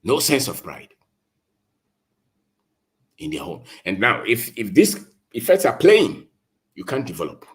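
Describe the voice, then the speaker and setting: A man's voice: lowish voice, wildly swooping pitch, a little slow, long pauses, slightly rough. A man with a Ghanaian accent giving an impassioned, preachy talk, repeating his points for emphasis. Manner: emphatic, preachy, repeats phrases, switches between English and Twi. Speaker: speaker on colonisation.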